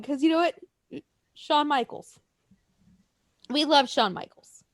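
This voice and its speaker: A woman co-hosting a casual podcast chat, excitable and swearing freely, laughing often. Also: sits high, takes it slowly, dry recording, studio quality. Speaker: podcast co-host.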